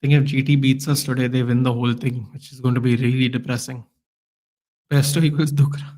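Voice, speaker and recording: A man hosting a live football watchalong stream, chatting casually and reacting loudly to the play with lots of slang. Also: medium pitch, little pitch movement, a little fast.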